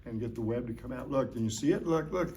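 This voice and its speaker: This middle-aged man speaks fast in a warm, medium-pitched voice. He's a science educator doing a hands-on demonstration for a class of young children at an elementary school, keeping it playful and jokey and prompting them with questions.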